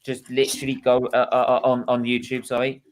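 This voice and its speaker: A man's voice: mid-range voice, completely flat delivery, fairly quick, over a noisy crowd. A man hosting a casual live stream, trying to wrap it up amid interruptions. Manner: flustered, trying to wrap up, laughs often. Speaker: stream host.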